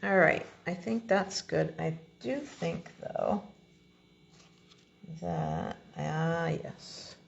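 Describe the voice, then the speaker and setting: Slow low-voiced woman, gravelly crafting tutorial. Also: muffled recording, a little hiss or hum. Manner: relaxed, chatty step-by-step explaining. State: has the hiccups. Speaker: card-making demonstrator.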